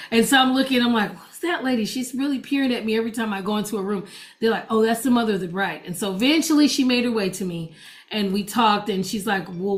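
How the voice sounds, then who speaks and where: A woman preacher and gospel DJ telling a personal testimony to an audience, chatty, acting out the dialogue. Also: mid-range voice. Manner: chatty storytelling that acts out quoted dialogue.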